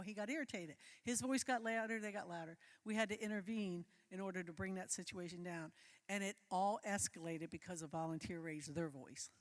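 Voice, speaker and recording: A woman's voice: fairly low pitch, long reverb tail. Chatty woman leading a volunteer training. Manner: conversational, checks in with listeners; loose, filler-heavy phrasing. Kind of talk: live training talk with slides.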